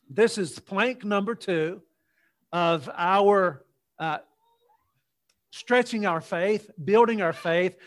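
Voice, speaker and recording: Male pastor, slightly raised voice, unhurried and folksy, delivering a church sermon. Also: high voice. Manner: folksy, unhurried storytelling with jokes.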